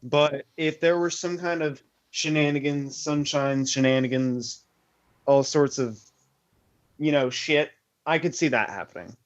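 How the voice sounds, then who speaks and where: A man on a podcast panel giving his opinion in casual chat, animated and swearing freely. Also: on the high side, measured pace. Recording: dull lo-fi mic.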